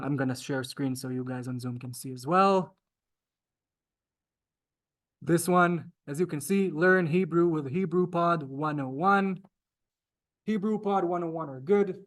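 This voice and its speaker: Polite young-sounding male Hebrew teacher. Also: a little high. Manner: polite, says "sir" often, chatty. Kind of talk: live beginner language class. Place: synagogue classroom, also streamed on Zoom.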